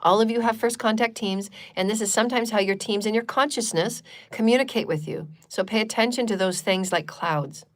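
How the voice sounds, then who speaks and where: A woman's voice: medium pitch, brisk, hardly any pauses. A woman hosting a live channeled spiritual talk, speaking in repetitive, chant-like affirmations and loose, chatty asides. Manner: chatty and loose, with frequent fillers.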